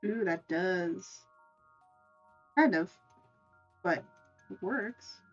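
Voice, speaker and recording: A woman's voice: on the low side, very slow, muffled recording, soft background music. A woman streamer in playful, casual live-stream chat, laughing often. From United States.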